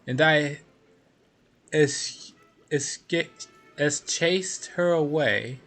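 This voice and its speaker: A man's voice: a little high, extremely slow, a bit bright, faint music behind, heavily acted. A man reading as a petulant, whiny demon queen.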